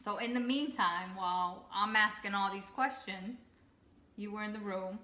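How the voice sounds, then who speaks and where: A woman casually telling a travel story on a family channel, lively and laughing as she quotes people. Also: medium pitch, moderate pace. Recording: echoey room.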